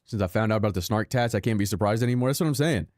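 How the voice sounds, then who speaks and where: A man's voice: on the low side, racing, darkish tone, dry recording, clean studio sound. A young man streaming a racing game, chatting with his viewers in a sarcastic, self-deprecating, rambling way. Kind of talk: casual live-stream chat while gaming.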